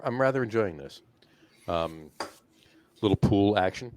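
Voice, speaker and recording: This New Jersey man co-hosts a laid-back beer podcast, his medium-pitched voice recorded dry with no room sound. He rambles through the casual chat, restarting sentences often, leaning on fillers, and laughing a lot.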